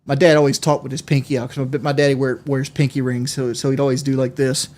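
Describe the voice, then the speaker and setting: A male game streamer in loose livestream chat, pitched in an ordinary middle range. He rambles from story to story and swears freely. He breaks into easy laughter as he goes. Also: level tone, darkish tone. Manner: rambling, profane, quick to laugh.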